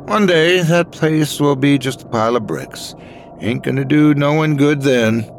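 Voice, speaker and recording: A reclusive old toymaker with a Scottish accent, as a storyteller puts him on, sly and theatrical in a grand, old-fashioned way. His voice sits higher than the narration around it, over faint music. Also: measured pace. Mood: aghast.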